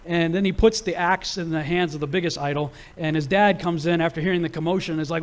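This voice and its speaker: A man teaching a Bible lesson to a live audience, casual and animated, acting out the people in his stories. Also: on the high side, quick pace, hardly any pauses. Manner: casual and animated, acts out quoted characters.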